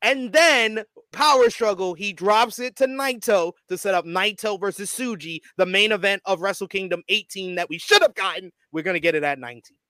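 A man co-hosting a casual wrestling podcast, talking fast and opinionated. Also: high-pitched, bright, forceful tone, no room sound. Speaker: podcast co-host.

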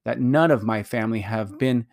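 A man voicing a fussy, pompous old gentleman who complains in aggrieved, formal speech. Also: moderate pace, vocal fry, no room sound, studio quality, natural voice. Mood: indignant. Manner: pompous, aggrieved, raised pitch.

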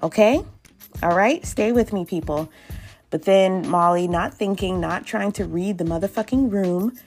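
A woman's voice: mid-range voice, unhurried, darkish tone, faint music behind. A woman hosting a podcast, recapping and ranting about a TV episode in a casual, blunt, exasperated way, swearing often. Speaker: podcast host reviewing a TV episode. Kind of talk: casual, profane recap and rant.

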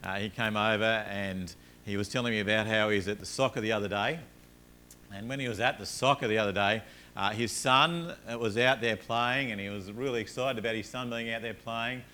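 A man preaching a sermon, telling everyday stories with rising energy, then dropping low and soft to make his points. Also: moderate pace. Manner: earnest, rises animatedly in stories, drops low and soft on points. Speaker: pastor.

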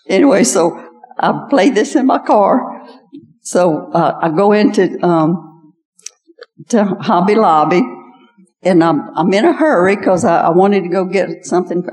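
Older woman, low voice, echoing hall. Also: darkish tone. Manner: folksy storytelling, repeats "I said". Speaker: guest speaker. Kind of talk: personal testimony talk. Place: large hall at an evening event.

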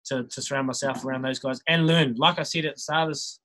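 Talking fast in a mid-range, fairly even voice with a sharp edge, this New Zealand-accented rugby player in his thirties swaps stories as a guest. He keeps it relaxed, laughs a lot, and restarts frequently, and the recording is rough.

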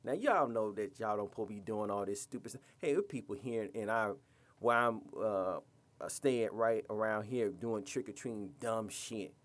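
A man's voice: on the low side, moderate pace. Blunt, scolding podcast host man. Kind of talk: podcast rant.

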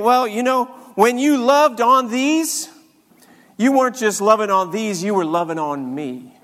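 A man with a high voice preaches at an unhurried pace. He drops to hushed tones when reading scripture and rises to fervent, exclaimed prayer. His voice rings with the long reverb of a large hall. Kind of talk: sermon.

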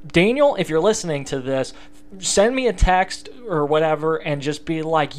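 A man's voice: a little high, animated, normal speed. Rambling, chatty male podcast host. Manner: rambling, self-deprecating, many fillers and restarts. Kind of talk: casual solo podcast talk.

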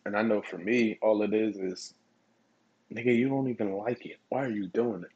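A man hosting his own podcast, telling stories in a relaxed, profane way and chuckling often. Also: on the low side, moderate pace, breathy edge, dull audio. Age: adult. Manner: laid-back, profane storytelling with chuckles. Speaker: podcast host. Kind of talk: casual solo podcast monologue.

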